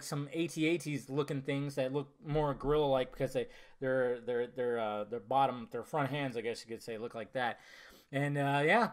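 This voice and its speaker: Man, casual film review, enthusiastic, rambling, fillers and restarts, somewhat high voice. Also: a bit bright. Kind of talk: casual spoken movie review.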